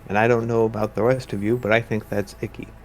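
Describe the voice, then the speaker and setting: A man's voice: fairly low pitch, little pitch movement, quick pace. A man playing a tabletop game, joking around in a playful way. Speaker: player.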